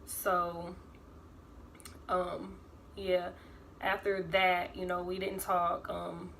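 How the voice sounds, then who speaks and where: Chatty young woman with a bright voice. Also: fairly low pitch, monotone, drawn-out words, vocal fry, slight background noise. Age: 20s. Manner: rambling, filler-heavy, acts out quoted voices. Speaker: vlogger. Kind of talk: casual storytime vlog.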